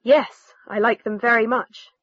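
A woman reading an insistent female patient in a textbook dialogue, who answers quickly. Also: fairly high pitch, fairly even intonation, dry recording. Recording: dull lo-fi recording.

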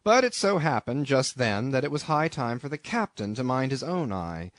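A male narrator reads a classic sea tale with lively, varied intonation. His delivery is measured and expressive. The recording is dry and close to the mic. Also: medium pitch, no room sound. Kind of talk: audiobook reading of a classic novel.

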